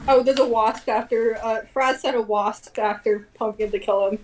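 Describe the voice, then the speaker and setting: A woman's voice: on the high side, fairly even intonation, moderate pace, darkish tone, echoey room, poor audio. A woman friend chatting on a live stream, a little hesitant and full of fillers. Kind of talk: casual chat on a live stream.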